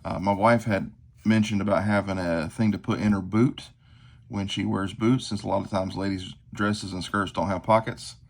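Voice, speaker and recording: A man in his forties with a drawl and a low, gravelly voice. He rambles through a tabletop show-and-tell, leaning on fillers and poking fun at himself. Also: steady tone, moderate pace. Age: 40s. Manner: rambling, self-deprecating, filler-heavy. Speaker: knife collector vlogger. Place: tabletop at home.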